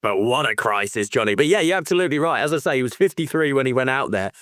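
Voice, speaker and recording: Animated, excitable male podcast co-host. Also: medium pitch, quick pace, no room sound, clean studio sound. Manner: animated and excitable, swears freely, laughs often. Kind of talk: casual book-club chat.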